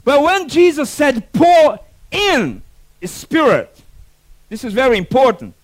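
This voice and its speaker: High-voiced animated preacher man. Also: slow. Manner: animated preaching with acted-out quotes and non-native phrasing. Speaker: pastor. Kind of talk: sermon.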